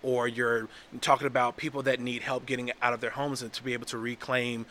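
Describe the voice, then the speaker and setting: Earnest bright-voiced man in casual talk. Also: mid-range voice, flat delivery, a little hiss or hum. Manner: earnest, halting restarts. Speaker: guest. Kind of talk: casual podcast conversation.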